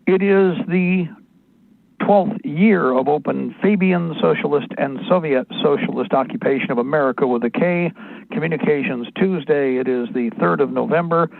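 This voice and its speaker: A man's voice: fairly high pitch, gravelly, dry recording. A man hosting a talk radio show, speaking in a rambling, digressive monologue full of asides. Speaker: radio host. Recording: narrow phone-like band, dry.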